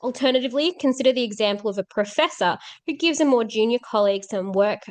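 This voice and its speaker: A woman's voice: on the high side, quick pace, a little mellow. A young woman teaching philosophy, reading passages aloud and then explaining them in a casual way with lots of fillers. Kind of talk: explaining a philosophy text to students.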